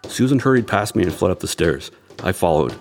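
An actor playing a young amateur detective who narrates his own story in an audio drama, telling it in a measured, tense way. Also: sits low, sing-song, a little mellow, soft background music. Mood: tense narration.

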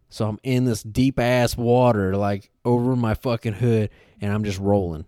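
Low, smooth-voiced man. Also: moderate pace, few pauses, no echo, clean studio sound. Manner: animated storytelling, heavy swearing, frequent fillers. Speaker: podcast co-host. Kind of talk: casual chat.

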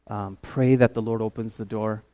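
A man from Canada preaching a testimony sermon, telling his story with animated, rising excitement. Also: moderate pace. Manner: animated storytelling, climbs high and loud when excited.

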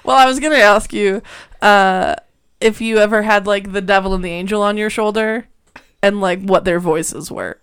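A woman co-hosting a relaxed podcast in casual chat. She teases her friend with easy humor and laughs often. Her voice sits in a middle pitch. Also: normal speed, smooth. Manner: chatty, teasing, laughs often. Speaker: podcast co-host.

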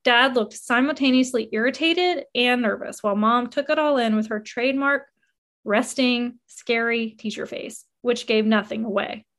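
A woman narrating a first-person memoir in an expressive reading that rises with emotion. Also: a little high, moderate pace.

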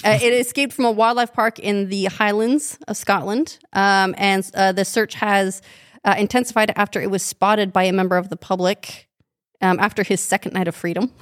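A woman co-hosting a casual podcast, relaxed and hesitant, filling with ums and giggling. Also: medium pitch, normal speed, no room sound, studio quality. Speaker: podcast co-host. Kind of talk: casual chat.

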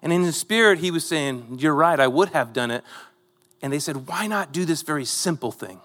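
A man's voice: fairly high pitch, animated, normal speed, a bit bright, long reverb tail. A man preaching a sermon, retelling a Bible story in a conversational way with rhetorical asides to the congregation. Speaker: pastor.

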